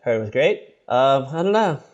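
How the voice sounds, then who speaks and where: A man's voice: mid-range voice, moderate pace, muffled recording. A man in his thirties co-hosting a podcast, joking around in casual chat. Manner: playful, joking, lively. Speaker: podcast co-host.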